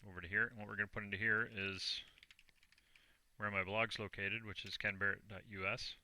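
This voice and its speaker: Deep-voiced Canadian man, bright tone. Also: level tone, brisk. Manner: plain, self-deprecating, talks through each click. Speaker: online business vlogger. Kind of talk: screen-recorded tutorial walkthrough.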